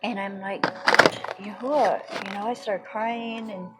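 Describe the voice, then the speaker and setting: A woman's voice: medium pitch, steady tone, moderate pace, very noisy. A woman giving an earnest religious teaching, retelling her own prayers and quoted conversations as testimony.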